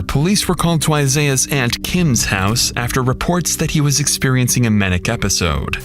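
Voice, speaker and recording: A man giving scripted true-crime narration in a suspenseful, dramatic delivery. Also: mid-range voice. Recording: voice-over with loud music bed.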